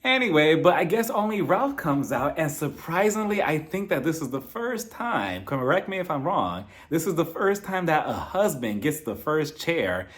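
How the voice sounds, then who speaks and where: A young man with a slightly high voice gives a casual recap of a reality TV reunion. He is sarcastic and animated, slips into mocking impressions of the cast, and breaks into laughter. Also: normal speed, hardly any pauses. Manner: animated, sarcastic, laughs often, mimics people in quotes.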